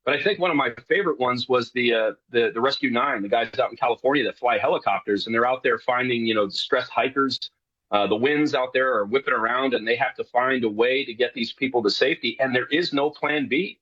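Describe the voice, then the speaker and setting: A man's voice: mid-range voice, brisk, a bit bright, breathy edge, no room sound. Guy from new york, talks loose with lots of uhs, sounds kinda muffled and dry. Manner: rambling, many fillers and restarts. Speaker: guest, show co-host. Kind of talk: casual radio interview.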